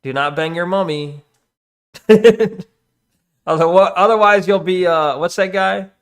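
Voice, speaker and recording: Young man, streamer, casual late-night chat, rambling, profane, joking, fairly high voice. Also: steady tone, measured pace, fairly bright tone, clean tone.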